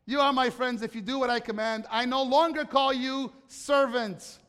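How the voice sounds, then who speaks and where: A man preaching a sermon as pastor, animated, swinging between loud urgency and quiet hushed stretches. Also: very high voice, moderate pace, clean tone, big-room sound. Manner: animated preaching, shifts from loud excitement to soft hush. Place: church sanctuary.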